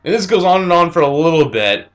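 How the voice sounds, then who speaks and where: A young man reviewing an anime episode, retelling scenes in a casual, animated way with fillers. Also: a little high, quick pace.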